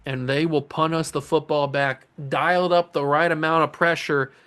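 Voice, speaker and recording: A young man casually commentating his own video game play as a channel host, excitable and jokey, talking to the players on screen. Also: on the high side, normal speed, smooth, faint music behind. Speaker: gaming YouTuber host.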